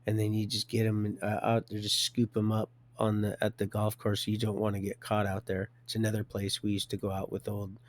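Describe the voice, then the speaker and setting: A man's voice: lowish voice, monotone, a little fast, hardly any pauses. A man in his fifties telling his life story on a live stream, rambling, stopping and restarting, and chuckling often.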